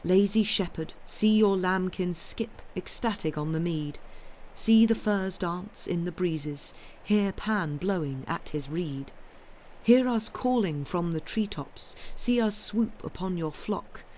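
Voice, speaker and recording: Woman doing a gentle earnest young shepherd poet, tender and sincere, storybook reading. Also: lowish voice, slow pace, a little hiss or hum, voice pushed up. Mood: wistful.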